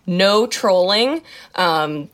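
A woman's voice: fairly low pitch, expressive, drawn-out words, a bit bright. A woman co-hosting a casual podcast, reading out forum rules with joking asides and frequent laughs. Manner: laughs often, reads rules aloud with asides. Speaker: podcast co-host.

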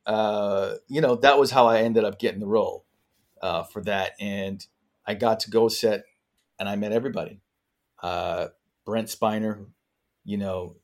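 A man, an actor guest on a podcast, telling long, rambling anecdotes in a casual interview with many fillers. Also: on the low side.

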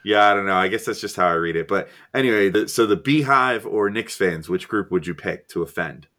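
A low-pitched man with a bright, forward tone co-hosts a casual podcast. He reads listener questions in a relaxed, hesitant way, padding his sentences with fillers. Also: brisk. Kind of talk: casual chat.

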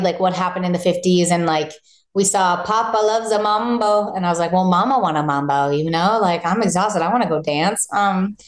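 A woman in her thirties, a singer-songwriter chatting casually in an interview, bubbly and animated, acting out quotes in high voices. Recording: roomy echo.

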